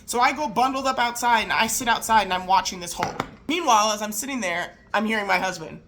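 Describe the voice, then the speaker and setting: This is a woman in her thirties telling a funny story to the camera in a casual storytime. Her delivery is animated and incredulous, and her voice sits at an ordinary pitch for a woman. She slips into quoted voices as she goes. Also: fast, a little hiss or hum. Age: 30s.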